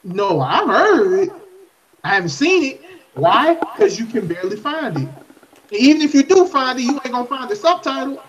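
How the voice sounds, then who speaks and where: A man's voice: very high-pitched, very animated, moderate pace, fairly bright tone. A man co-hosting a casual podcast, talking emphatically with plenty of swearing. He keeps circling back to hammer the same point. The audio is dull and muffled. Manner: emphatic, profane, repeats his points. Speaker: podcast co-host.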